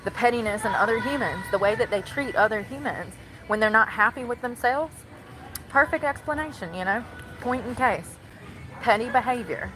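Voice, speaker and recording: A woman's voice: on the high side, normal speed, noisy background. A woman live streaming on her phone while shopping in a large store, rambling to her chat and complaining about others.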